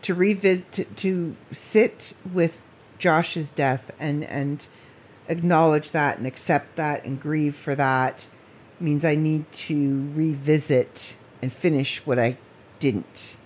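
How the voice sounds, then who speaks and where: A woman's voice: low voice, steady tone, takes it slowly, a little mellow, a little hiss or hum. A woman hosting her own podcast late at night, talking in a rambling, emotional way and laughing often. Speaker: podcast host. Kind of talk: casual late-night monologue.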